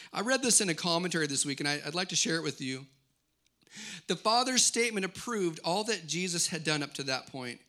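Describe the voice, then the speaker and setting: A man's voice: a little high, sharp tone. A middle-aged man preaching a sermon, declaring scripture lines with rising intensity and then teaching in a conversational way. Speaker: pastor.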